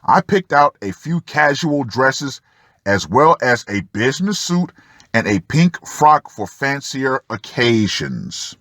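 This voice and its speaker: A man reads a story aloud at an unhurried pace, and his pitch rises and falls in a lively way. He cuts in with dry, sarcastic remarks to the listener. The sound is close and dry. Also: dry recording. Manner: sardonic asides to the listener. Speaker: channel host reading an article. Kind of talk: reading a first-person article aloud with commentary.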